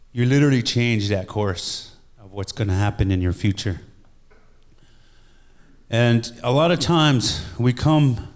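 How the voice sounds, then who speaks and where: Calm man speaking on healing. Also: mid-range voice. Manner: calm, measured, gently encouraging. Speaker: guest speaker. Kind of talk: reflective talk on healing.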